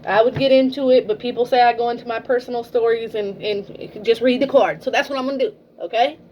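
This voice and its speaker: A woman's voice: a little high, steady tone, fast talker, dull audio, slight background noise. A woman giving a casual tarot reading, blunt and swearing freely, often ending a point with "okay?". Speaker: tarot reader.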